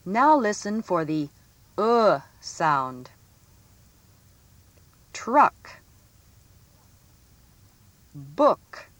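A woman reading a scripted phonics lesson for children, stressing each example word clearly. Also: low voice, big pitch swings, fairly bright tone, no echo. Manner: slow, clearly enunciated, sing-song emphasis on example words. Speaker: teacher.

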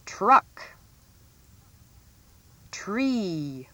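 Slow, sing-song woman teaching phonics. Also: medium pitch, very animated, fairly bright tone. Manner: slow, clearly enunciated, sing-song emphasis on example words. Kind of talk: scripted phonics lesson for children.

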